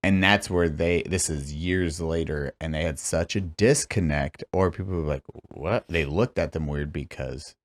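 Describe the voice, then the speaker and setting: A man in his thirties hosting a podcast interview, telling stories loudly with laughter and swearing. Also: very deep voice, unhurried, hardly any pauses. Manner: loud, laughing storytelling with swearing. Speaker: podcast host.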